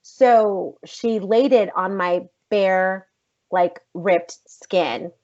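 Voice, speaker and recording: A woman actress telling a story in a casual podcast interview, animated and emphatic, swearing freely. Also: mid-range voice, very slow. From United States. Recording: slightly dull lo-fi podcast audio.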